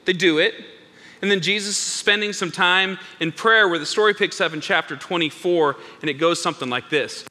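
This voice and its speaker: Male pastor, high bright voice, lively sermon delivery, big church hall reverb. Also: brisk. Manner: animated, acts out biblical characters with big voice swings.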